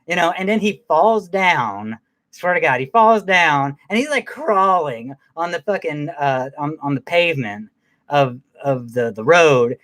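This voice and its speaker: Man with a fairly high voice, rambling through a profane, casual movie recap. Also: expressive, unhurried, fairly bright tone. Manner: rambling, with many fillers, restarts and laughs. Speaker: movie reviewer.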